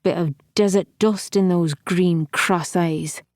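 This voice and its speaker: A woman's voice: on the low side, fairly even intonation, takes it slowly, a little mellow, dry recording, studio quality. A woman reading an audiobook, voicing a crude, blunt old male falcon who mocks and swears. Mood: mocking. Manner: crass, blunt, mocking.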